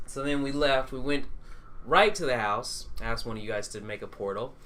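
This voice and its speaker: A man co-hosting a casual podcast, telling an animated story with frequent giggles. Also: medium pitch, moderate pace. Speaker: podcast co-host.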